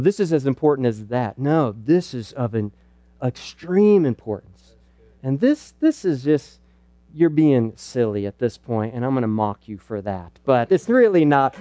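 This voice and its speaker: A man's voice: medium pitch, darkish tone, no echo. A middle-aged man teaching at a church parenting night, earnest and conversational with playful asides. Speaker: pastor speaking at a parenting night.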